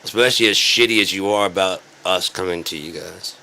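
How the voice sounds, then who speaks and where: A deep, forceful male voice delivering a sarcastic, rambling rant. He swears freely and jumps from point to point like an online commentator sounding off. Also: brisk, gravelly. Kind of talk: ranting commentary.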